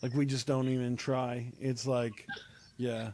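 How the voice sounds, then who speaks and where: A man's voice: medium pitch, flat delivery, measured pace, warm tone. A man hosting a casual web show over a remote call, talking with many fillers and restarts. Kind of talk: casual chat.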